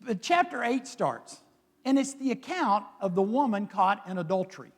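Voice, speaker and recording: A man's voice: high voice, big pitch swings, normal speed, long reverb tail. A man preaching a sermon as a pastor, retelling scripture in a conversational, dramatic storytelling manner. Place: church sanctuary.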